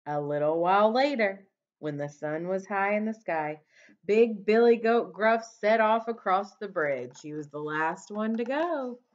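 A woman teacher reading a storybook aloud to children, expressive, pausing to ask them questions. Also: mid-range voice. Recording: dull lo-fi recording.

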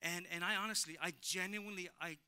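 A man preaching a sermon as pastor, telling a personal story with emphatic repetition and animated delivery. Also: high voice, fast talker, smooth. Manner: animated, emphatic, repeats phrases, laughs with congregation. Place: church sanctuary.

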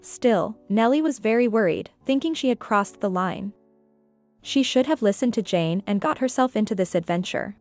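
A woman narrating a scripted drama story in a steady, even storytelling manner. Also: medium pitch, moderate pace, faint music behind.

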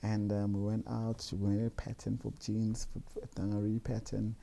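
A young man, a guest telling stories in a relaxed, rambling way with many fillers. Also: fairly low pitch, normal speed, creaky. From South Africa. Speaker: guest, jeans designer. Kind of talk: casual storytelling interview.

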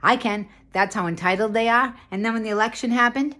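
A woman's voice: a little high, quick pace, a bit bright. A woman on a profane, sarcastic rant to camera, indignant and hammering her points home by repeating them. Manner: sarcastic, indignant, swears often; repeats phrases for emphasis.

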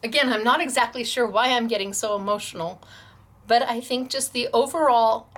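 A middle-aged woman hosting a craft class from her store, gushing and emotional over handmade gifts, laughing often and talking slowly and fondly. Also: on the high side. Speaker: craft store owner and host. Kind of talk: unboxing and showing crafts on a class video.

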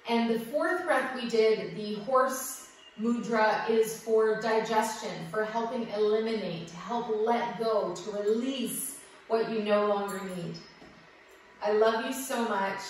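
A woman yoga teacher guiding a breathing class with gentle, affectionate cues, recorded in an echoey room from a distance. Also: on the high side, slight background noise.

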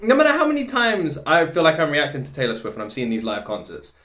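A woman hosting a reaction video from her home office, talking casually and excitedly, exclaiming and laughing often. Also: low voice, fast.

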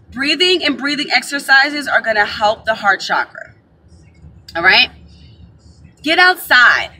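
Bright high-voiced woman teaching casually. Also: husky, poor audio. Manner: chatty, animated, addresses viewers as y'all. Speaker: spiritual advisor. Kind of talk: casual spiritual teaching to camera.

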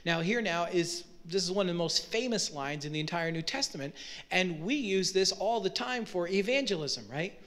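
Guy preaching, high voice, chatty bible teaching with lots of "right?". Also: expressive, normal speed, a bit bright. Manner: conversational Bible teaching with rhetorical questions. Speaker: pastor. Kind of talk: sermon.

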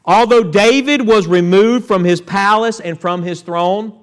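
A man's voice: sits high, unhurried. A man preaching a sermon, reading Scripture and calling out to the congregation. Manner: preaching with call-outs to the church and Scripture readings. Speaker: pastor. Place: church sanctuary.

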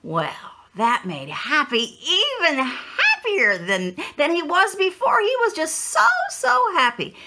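A woman pastor telling a children's story in an animated, sing-song storytelling manner, with a gravelly edge. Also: sits high, takes it slowly, slight background noise.

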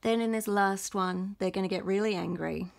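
A young adult woman illustrator, gently and encouragingly talking through a drawing lesson for teachers as she sketches. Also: medium pitch, steady tone, normal speed, vocal fry. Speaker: illustrator leading a workshop.

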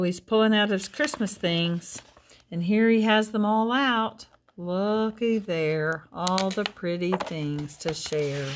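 Woman reading a picture book out loud, gentle, points at pictures, mid pitch. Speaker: storyteller. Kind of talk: picture-book read-aloud.

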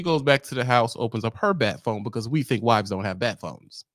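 A man's voice: medium pitch, animated, fairly quick, few pauses, a bit bright, dry recording, studio quality. A man who drives trucks, ranting in a comic, profane, rambling way to his viewers. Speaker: trucker vlogger. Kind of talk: comic rant to camera.

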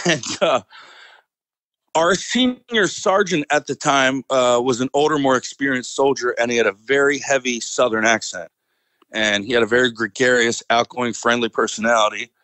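A military veteran recounting a story as a podcast guest, with a middling pitch and a casual, rambling delivery full of "uh" and "you know". He chuckles as he talks, and his voice is dry and close to the mic. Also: pushed and bright, dry recording, low-quality recording. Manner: rambling, fillers, chuckles often.

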